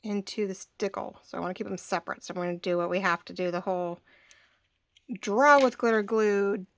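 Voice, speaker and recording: A woman's voice: mid-range voice, fairly quick, creaky, a little hiss or hum. A woman in her forties hosting a casual craft tutorial, chatty and rambling, often restarting her sentences as she works. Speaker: craft channel host.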